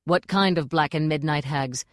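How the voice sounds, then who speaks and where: Bossy, exasperated stage manager barking at his cast, lowish voice as a woman narrator puts him on, storybook reading. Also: moderate pace, dry recording, clean studio sound, close to an everyday voice. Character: harried male theater stage manager, bossy.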